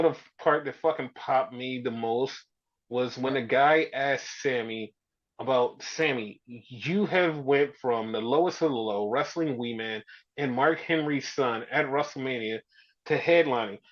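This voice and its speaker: Animated man telling a wrestling story, lo-fi. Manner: animated storytelling, heavy swearing, acts out quotes with big pitch jumps. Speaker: podcast co-host. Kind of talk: casual wrestling chat. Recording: dull lo-fi sound.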